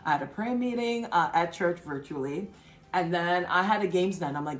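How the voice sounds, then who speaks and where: A woman vlogger casually telling her own story in a chatty, animated way. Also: moderate pace. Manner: chatty, animated, acts out others' lines in a high excited voice. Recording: echoey room with faint music.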